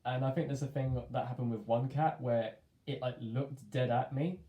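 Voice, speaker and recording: A young man rambles through a casual storytime, full of fillers and self-amused asides. His voice sits mid-range, mellow and unhurried. The sound has a roomy echo to it. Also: medium pitch, fairly even intonation, muffled recording. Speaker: vlogger. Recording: echoey room.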